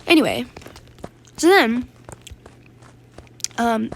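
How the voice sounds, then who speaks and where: A woman's voice: fairly high pitch, big pitch swings, very slow, vocal fry, background noise. A woman telling a casual storytime vlog about a game, chatty and filler-heavy, acting out the dialogue she quotes. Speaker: gaming YouTuber.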